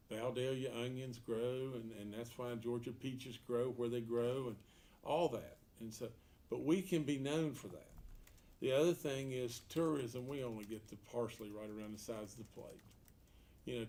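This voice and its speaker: A man with a medium-pitched, dark voice, a political candidate, answers an editorial board off the cuff around a meeting room table, with slight background noise. His manner is folksy and emphatic, with repeated words and rhetorical questions.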